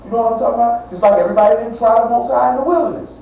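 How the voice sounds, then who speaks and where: High-voiced man teaching, echoey and distant. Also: rapid-fire, gravelly. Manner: conversational, street-talk preaching with constant "you know what I'm saying"; quotes scripture, then explains it plainly. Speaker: bible teacher. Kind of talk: informal bible teaching. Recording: distant, tinny, very echoey lo-fi recording with faint hiss.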